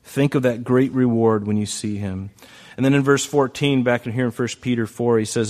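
A man preaching a sermon in a mid-pitched, ordinary voice. His delivery is lively and conversational, rising to loud emphasis and then dropping to a near hush. He repeats phrases for effect as he speaks to the congregation. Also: normal speed. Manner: animated, swinging between loud emphasis and soft, hushed passages. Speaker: pastor.

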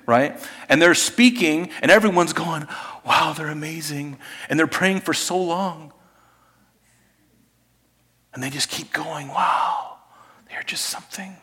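Conversational pastor in an echoing church. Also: male voice, fairly high pitch, slow, long pauses, slightly rough. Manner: conversational, swings from hushed to emphatic. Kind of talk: sermon. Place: church sanctuary. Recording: long hall reverb.

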